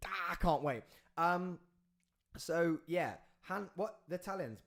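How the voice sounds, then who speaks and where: A man's voice: on the high side, expressive, fairly quick. A man hosting a live podcast. He rambles and jokes, and he keeps breaking off to talk to the crew. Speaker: podcast host.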